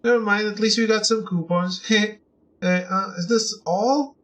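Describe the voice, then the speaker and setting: A man doing an excitable little floating girl companion from a video game, high-pitched and full of exclamations. She speaks of herself by name and tumbles quickly from one surprised question to the next. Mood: flustered. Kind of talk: reading game dialogue aloud.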